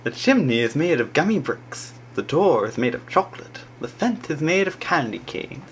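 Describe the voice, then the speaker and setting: A woman playing through an adventure game, reading its text aloud between relaxed murmured fillers. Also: low voice, normal speed, slight background noise. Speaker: let's play player.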